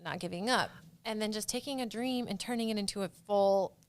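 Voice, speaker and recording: A woman's voice: medium pitch, fairly quick. A woman hosting a podcast in casual chat, bubbly and enthusiastic, gushing about her guest. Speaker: podcast host.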